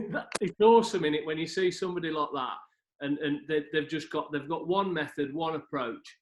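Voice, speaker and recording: A man talking casually on a video call, laughing easily and often checking for agreement. His voice sits a little high. The room around him rings with echo. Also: moderate pace.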